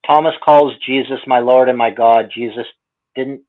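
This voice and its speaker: A man's voice: medium pitch, fairly even intonation, normal speed. A man co-hosting a casual livestream chat, arguing his points and getting worked up. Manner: gets heated and worked up when arguing. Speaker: co-host of a live hangout show. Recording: tinny phone-like line.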